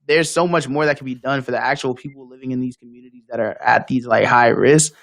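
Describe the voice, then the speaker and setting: A man's voice: mid-range voice, steady tone, quick pace, creaky, a bit bright, no room sound. A young man from Boston co-hosting a podcast, blunt and slangy, sounding frustrated about local politics. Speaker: podcast co-host. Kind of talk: casual chat on local politics.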